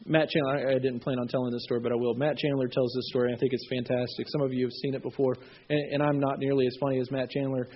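A man preaching a sermon, reading scripture and telling stories with lively acted-out voices. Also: medium pitch, fast. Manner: animated storytelling, acting out voices. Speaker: pastor. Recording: dull, lo-fi sound.

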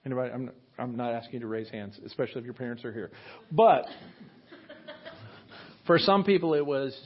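A man preaching a sermon to his church, animated, with jokey asides and acted-out quotes. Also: mid-range voice, brisk, long pauses, highs cut off. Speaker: pastor.

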